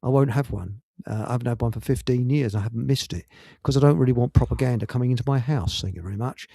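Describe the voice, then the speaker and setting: Gravelly rambling man hosting radio. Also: mid-range voice, fast, mellow, no room sound, studio quality. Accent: Hertfordshire. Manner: rambling, jokey, lots of fillers and restarts. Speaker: radio show host. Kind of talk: casual live radio chat.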